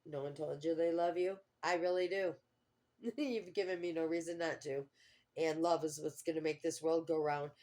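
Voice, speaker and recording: A woman's voice: low voice, steady tone, normal speed, warm tone. A middle-aged woman talking to her camera in a casual personal vlog, rambling and heartfelt, often trailing off mid-thought. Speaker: vlogger.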